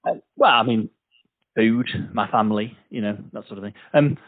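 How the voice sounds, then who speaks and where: A chatty English man hosting a podcast, joking easily as he talks. His voice sits at a middling pitch and comes through a thin, phone-like line with no room sound at all. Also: brisk, dry recording. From England. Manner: chatty, jokey, does playful accent impressions. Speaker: podcast host. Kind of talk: casual chat. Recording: tinny phone-like dry sound.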